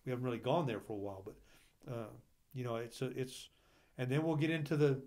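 A man's voice: medium pitch, a little fast, a little mellow. A man co-hosting a Bible discussion, fervent, rising into impassioned preaching with repeated rhetorical questions. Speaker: church Bible study co-host.

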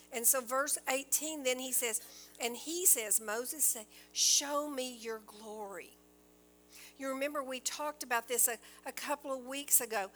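Woman, Bible-teaching sermon, earnest, slow and deliberate, fairly high voice, faint hum behind. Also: bright, forceful tone, poor audio. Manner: earnest, reads scripture aloud and explains it.

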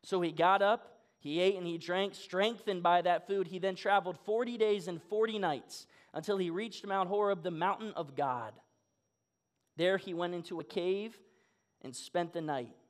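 High-voiced man preaching a sermon. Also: normal speed. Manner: storytelling, acts out dialogue. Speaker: guest speaker.

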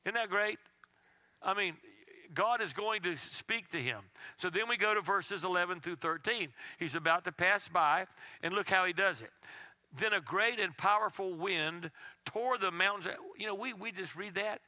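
A man preaching a sermon as pastor, reading scripture aloud and at times dropping his voice to a hush. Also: high voice, normal speed. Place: church.

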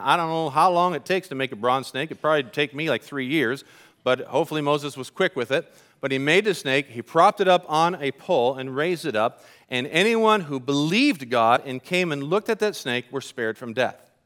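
A man preaching a church sermon in an animated way, slowing down to stress key points. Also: fairly high pitch. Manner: animated preaching, slows for emphasis. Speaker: pastor. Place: church service.

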